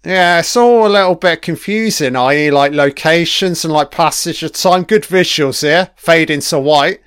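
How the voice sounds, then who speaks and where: A man's voice: on the high side, moderate pace, fairly bright tone, clear, resonant tone, no room sound, clean studio sound. A man giving a casual commentary on a TV episode, chatty and swearing freely, laughing along as he watches.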